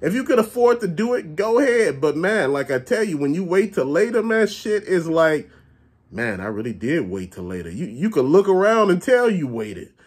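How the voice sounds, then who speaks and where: A man with a slightly husky voice rants straight to camera. His pitch swings up and down as he talks, and he is blunt and plain-spoken, cursing freely. His delivery is casual and unpolished. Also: moderate pace. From Chicago area. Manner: animated, blunt, curses often. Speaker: vlogger ranting about stores. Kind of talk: casual profane rant.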